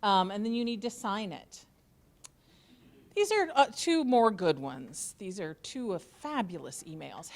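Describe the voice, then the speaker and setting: A woman's voice: medium pitch, big pitch swings, unhurried. A woman college instructor giving an orientation talk to students, joking and sarcastic as she goes.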